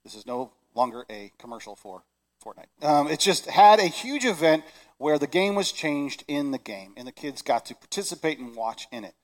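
A middle-aged man preaching a Christmas sermon, animated and shouting excited lines. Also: fairly high pitch, moderate pace. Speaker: pastor. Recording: long reverb of a large hall.

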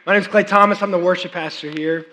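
A man in his thirties, a worship pastor preaching a sermon, chatty and animated with many fillers and restarts, audibly unwell and working to clear his throat. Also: sits high, quick pace. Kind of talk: sermon with personal storytelling. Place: church service. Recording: long reverb of a large hall.

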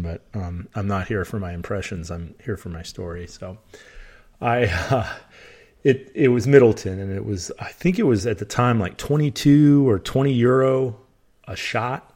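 A man's voice: on the low side, normal speed. Laid-back man, rambling. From United States. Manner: rambling, restarts and corrects himself often; relaxed, chatty storytelling. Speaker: podcast host. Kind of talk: casual solo podcast monologue.

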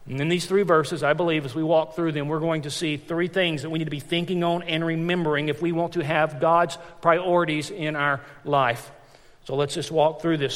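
High-pitched male pastor, lively storytelling sermon, long church-hall reverb. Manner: animated, storytelling with frequent restarts and repetitions.

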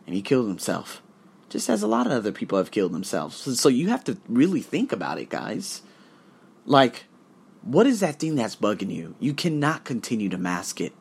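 A man talking straight to camera in a reflective self-help vlog, earnest and rambling, dropping to a hush and then building to emphatic, swearing bursts. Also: mid-range voice, breathy edge. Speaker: vlogger.

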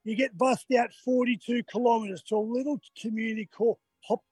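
A husky, fairly high-voiced older Australian man talks to the hosts over a phone video call from near the finish line, tired after the race. He is chatty and laughs often, and he acts out the voices of the cheering crowd. A little music plays faintly behind him. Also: steady tone, brisk, darkish tone. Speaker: marathon runner guest. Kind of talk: casual chat on a live radio call.

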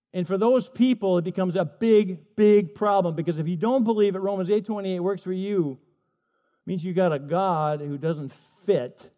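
Higher-voiced man preaching a story-driven sermon. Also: warm tone. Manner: storytelling with acted voices, emphatic repetition. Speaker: pastor.

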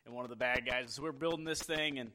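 A man's voice: mid-range voice, fast talker, bright, forceful tone, slight background noise, rough recording. A man in his thirties casually telling a family story, chatty and acting out his son's lines.

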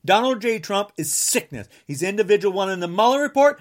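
A man from the United States, a podcaster, delivering an angry political rant, combative and repeating insults, sometimes bursting into shouts. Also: high-pitched, lively intonation, fairly quick, hardly any pauses.

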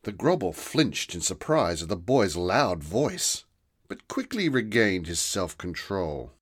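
A man narrating a children's fantasy story in a slow, deliberate storytelling manner. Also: low-pitched, very animated.

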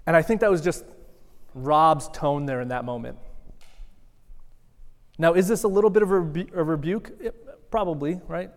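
Guy preaching a sermon, chatty and self-mocking, kinda high voice, big echoey church hall. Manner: conversational, self-deprecating, with lively shifts in loudness. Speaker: guest preacher. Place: large church sanctuary. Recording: long hall reverb.

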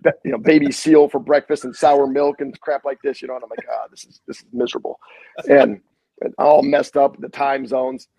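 Husky-voiced man telling animated stories. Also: medium pitch, a little fast, dry recording, rough recording. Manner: animated storyteller, acts out quotes, salty language. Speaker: head basketball coach, guest. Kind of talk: casual storytelling interview.

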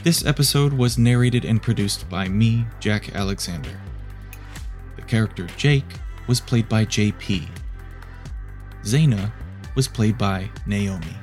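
A man narrating and producing an audio story in a measured, low-key, hushed reading. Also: soft background music.

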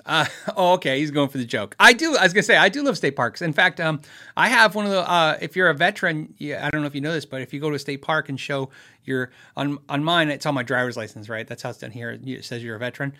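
A man hosting a casual live question-and-answer chat about guitars, rambling easily with fillers, restarts and quick laughs. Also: a little high, expressive, bright, forceful tone. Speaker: livestream host answering viewer questions on guitars.

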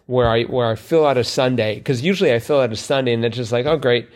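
A man's voice: mid-range voice, fast talker, a little mellow. A man co-hosting a podcast, chatting casually and self-deprecatingly, with plenty of fillers and restarts. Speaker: podcast co-host. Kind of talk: casual chat about crosswords.

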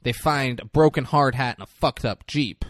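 A man's voice: medium pitch, moderate pace, dry recording, studio quality. A man co-hosting a casual chat show, retelling a movie scene by scene with swearing and acted-out lines. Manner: animated, swearing, acts out characters' lines. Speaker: podcast co-host recapping a movie.

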